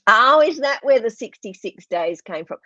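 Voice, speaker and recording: A woman's voice: on the high side, lively intonation, moderate pace, pushed and bright. A woman hosts an online interview, talking with eager enthusiasm and frequent restarts. Her voice comes through a dull, muffled video-call line. The sound is dry, with no room echo. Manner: enthusiastic, many restarts and fillers. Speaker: host.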